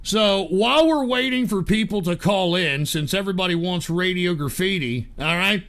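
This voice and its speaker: A man's voice: high voice, animated, normal speed, fairly bright tone. A man hosting a livestream, ranting angrily and cursing constantly, stammering through restarts. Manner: profane, angry ranting. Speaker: livestream host.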